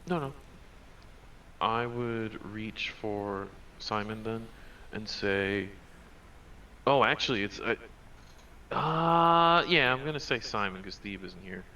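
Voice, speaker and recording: A man's voice: fairly low pitch, takes it slowly, pushed and bright, slight background noise. A man playing a tabletop role-play game over a call, talking hesitantly, with many restarts. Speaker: player.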